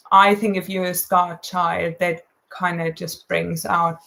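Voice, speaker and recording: Gravelly low-voiced woman. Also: pushed and bright, slight background noise. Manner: thoughtful, hesitant, self-described sarcastic. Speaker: guest. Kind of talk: casual chat.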